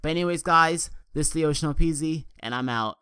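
A man's voice: a little high, a little fast, bright, forceful tone, clear, resonant tone, no room sound, clean studio sound. A young man around twenty with a New York accent, chatting casually and rambling loosely over live gameplay on his gaming channel.

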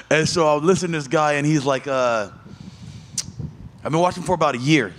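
A man's voice: a little high, moderate pace, slight background noise. Loose, profane man telling a story. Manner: loose, profane storytelling with animated voiced asides. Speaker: fighter at media day. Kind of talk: casual media interview. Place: media day event.

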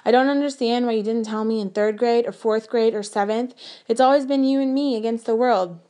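A woman reading the part of a young girl who speaks to her best friend with a sharp, reproachful hardness. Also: fairly high pitch, steady tone, brisk, natural voice. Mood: angry.

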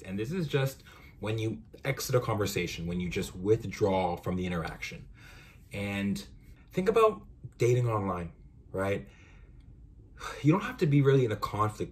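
Laid-back young man explaining casually. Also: fairly low pitch. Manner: relaxed, conversational, many fillers and asides. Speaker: podcast host.

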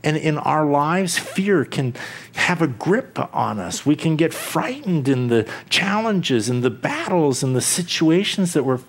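A man preaching a sermon as pastor, slow and deliberate, with dramatic pauses, sudden quiet drops and chuckles between points. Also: a little high, sing-song.

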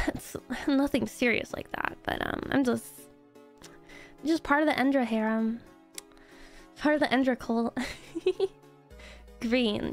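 A woman with a high, bright voice, chatting on a casual live stream. She gushes and giggles as she tells her story, with soft music faintly underneath. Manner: giggly, gushing storytelling with frequent laughs. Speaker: VTuber streamer.

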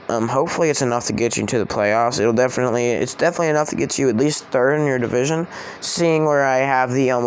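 A man chatting through his season predictions in a loose, rambling way, often stopping to correct himself. His voice sits at an everyday middle pitch, with a faint hum of background behind him. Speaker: sports vlogger. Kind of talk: casual sports predictions vlog.

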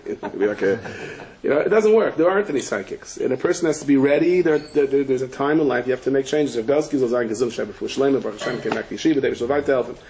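A man, a rabbi, giving a Torah lecture full of stories and Hebrew and Yiddish terms. He tells them with animation and breaks into shouts at the punchlines. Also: medium pitch, quick pace, a little hiss or hum, rough recording. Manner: sprinkles Yiddish and Hebrew terms, frequent restarts.

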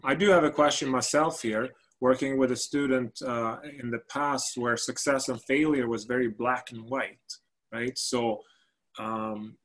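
A man moderating a webinar over a video call, his voice at a middle pitch. He talks in a friendly, conversational way, repeating words as he passes along questions. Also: a bit bright.

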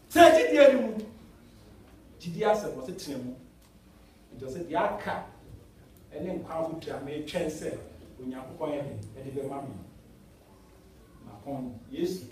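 A Ghanaian elder preaches with a high-pitched voice that leaps from sudden loud cries down to low murmurs. He mixes English and Twi. The sound is a distant, roomy church recording with heavy echo. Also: expressive, unhurried, pauses often, a little hiss or hum. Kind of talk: sermon. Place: church sanctuary. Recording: echoey hall, voice from far off.

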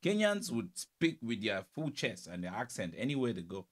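A man talks through a reaction video in a casual, teasing way. His pitch sits in the middle but swings widely as he talks, and he laughs easily. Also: moderate pace. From Cameroon. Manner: animated, teasing, laughs often.

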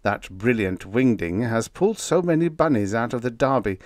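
A man's voice: on the low side, no room sound, clean studio sound. A man reading a humorous vintage sci-fi story aloud in scripted narration, wry and playful. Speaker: audiobook reader.

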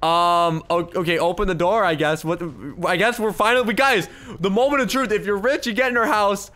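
A man doing excitable gameplay commentary as a video host, swinging from hushed murmurs to loud squeals. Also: high-pitched, brisk, faint music behind. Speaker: gaming YouTuber.

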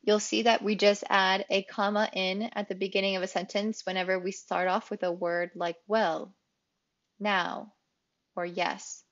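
Woman, English teacher, grammar lesson, clear explanatory delivery, mid pitch, slightly dull lo-fi sound. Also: flat delivery, a little slow. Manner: clear, explanatory, repeats key phrases for emphasis.

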